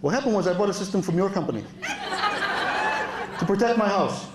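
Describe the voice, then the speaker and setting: A man's voice: sits high, animated, a little fast, echoey room. Man, stand-up comedian, live club show, chatty storytelling, raised voice for quotes, faint room noise. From Europe. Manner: chatty, laughs at own stories, quotes people in a raised voice.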